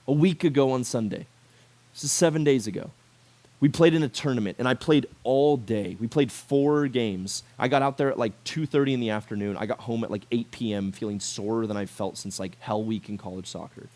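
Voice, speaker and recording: A man in his twenties giving a sermon to a youth group, talking in a casual and animated way and acting out quotes. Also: mid-range voice, fairly quick. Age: 20s. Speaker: youth pastor.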